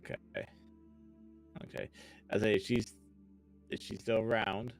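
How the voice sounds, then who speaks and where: Casting: low-pitched man, tabletop player in character, earnest and steadying, soft music under. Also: level tone, measured pace, low-quality recording. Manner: earnest, steadying, full of restarts. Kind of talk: in-character role-play.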